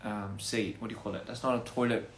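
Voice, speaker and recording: A man's voice: lowish voice, steady tone, fast talker, echoey room, a little hiss or hum. A man chatting casually on a phone livestream, rambling through goofy wordplay and laughing at his own jokes. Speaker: livestream host.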